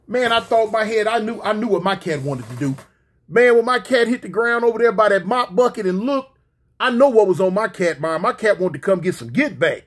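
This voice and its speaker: Husky-voiced man telling a wild story. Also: sits high, fairly quick. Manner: animated, slangy, rising to near-shouts at the peak. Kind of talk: casual storytime monologue.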